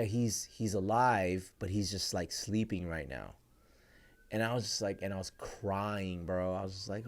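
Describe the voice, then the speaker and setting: A man's voice: sits low, a little mellow. A young man co-hosting a podcast, telling a story in a rambling casual way, full of "like" and "bro". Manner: rambling, heavy use of "like" and "bro". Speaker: podcast co-host.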